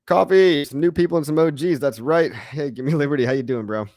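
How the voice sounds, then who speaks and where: A man's voice: on the high side, a little fast, darkish tone, dry recording, studio quality. A man hosting a casual livestream, reading viewer chat in a loose, chatty way, often saying "guys" and chuckling.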